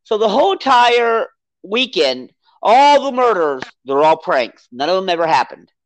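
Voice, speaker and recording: A podcast co-host in a casual movie review chat, rambling and animated as they recount the plot. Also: medium pitch, moderate pace, dry recording. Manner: rambling, animated, acts out character quotes.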